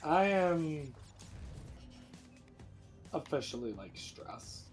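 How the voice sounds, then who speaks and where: A man's voice: fairly high pitch, very animated, very slow, faint music behind. A man racing in a live game stream, thinking aloud in an anxious, rambling way. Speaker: speedrunner competing in a bingo race. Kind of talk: live gameplay chatter.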